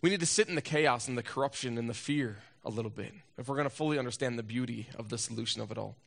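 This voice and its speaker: A man preaching a sermon as a pastor, telling a personal story and asking rhetorical questions, swinging between loud urgency and hushed moments. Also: mid-range voice, racing, creaky.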